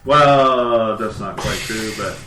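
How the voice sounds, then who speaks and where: Casual game master in an echoey room. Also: male voice, fairly low pitch, takes it slowly. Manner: casual, relaxed rulings with fillers. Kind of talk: running a tabletop game. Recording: echoey room with faint noise.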